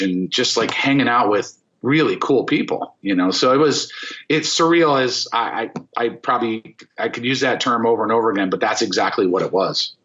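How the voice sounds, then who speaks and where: A man in his fifties from Florida, a former rock bassist, telling stories as a podcast guest in an excited, rambling way with many fillers and restarts. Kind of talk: casual storytelling interview. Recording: dull lo-fi podcast audio.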